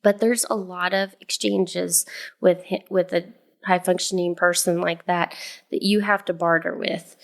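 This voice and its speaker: A woman co-hosting a podcast tells a family story in casual, rambling chat. Her voice sits low and has a gravelly edge. She fills her talk with ums and restarts. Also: fairly even intonation, a little slow. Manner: storytelling with many fillers and restarts. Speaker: podcast co-host, mother.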